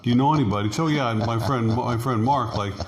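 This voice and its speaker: A man's voice: mid-range voice, brisk. A middle-aged man casually telling a rambling personal story, full of fillers and acted-out quotes. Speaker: interview guest, expat.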